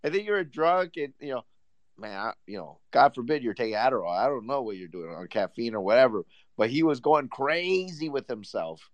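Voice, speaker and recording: A man's voice: medium pitch, brisk, no echo. A man hosting a casual chat, telling a story with lots of laughter. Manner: animated storyteller, laughs often.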